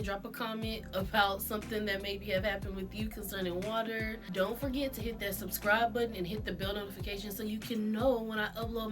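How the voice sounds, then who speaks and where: A woman vlogger telling a casual storytime, chatty and self-mocking, laughing often as she goes. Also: mid-range voice.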